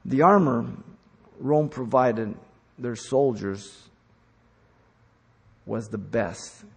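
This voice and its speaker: A man preaching a sermon, teaching in an emphatic style that rises to loud commands. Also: medium pitch, very slow, vocal fry, slightly rough. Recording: long hall reverb.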